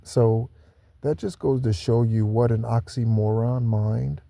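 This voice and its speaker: A man's voice: medium pitch, steady tone, creaky, mellow, dry recording. A man talking alone to his viewers in a preachy spiritual monologue, repeating and stressing his points. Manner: preachy, repeats himself, slow stressed asides. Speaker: spiritual channel host. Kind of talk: solo spiritual talk to viewers.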